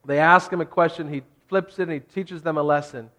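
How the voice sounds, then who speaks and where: Male pastor, casual and jokey sermon delivery, slightly high pitch. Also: fairly even intonation, fairly quick, pushed and bright. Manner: conversational, jokey, rising to emphatic.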